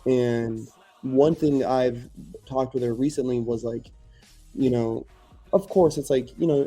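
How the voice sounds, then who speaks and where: A husky, dark-voiced man reflecting. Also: mid-range voice, fairly even intonation, moderate pace, soft background music. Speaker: podcast host. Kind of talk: casual conversation.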